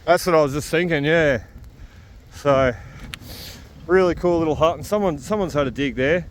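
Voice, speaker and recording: A man's voice: fairly high pitch, moderate pace, a little hiss or hum. A man with an Australian accent, chatting casually to his camera as a metal detecting vlogger while out on a rainy hillside. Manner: chatty, laughs easily. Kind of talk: casual outdoor vlog narration.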